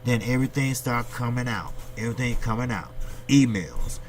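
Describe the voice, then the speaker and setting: Over slight background noise, an American boxing channel host rants in a mid-range voice at a moderate pace. He's blunt and profane, pushing strong opinions and firing rhetorical questions at his audience.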